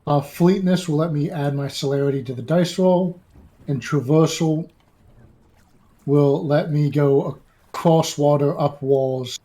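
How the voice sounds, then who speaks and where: Man, tabletop player, higher-pitched voice, halting, throat-clearing. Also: warm tone. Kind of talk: tabletop game play.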